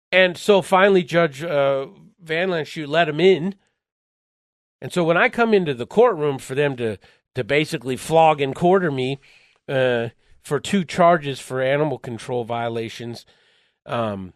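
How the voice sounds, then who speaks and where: A man being interviewed, telling a story in lively conversation, acting out the voices in his quotes and chuckling along the way. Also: on the high side, dry recording, clean studio sound. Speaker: interview guest.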